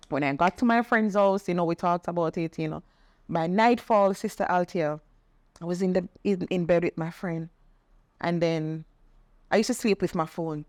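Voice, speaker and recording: A woman's voice: mid-range voice, moderate pace, no room sound, studio quality. Earnest woman telling her story. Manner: earnest storytelling, animated when quoting others. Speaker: podcast guest sharing testimony. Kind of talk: personal testimony in conversation.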